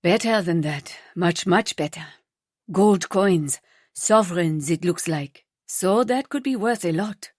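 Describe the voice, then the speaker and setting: A woman narrator voicing a wry, brisk man who speaks in a dry, matter-of-fact way. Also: on the low side, no echo.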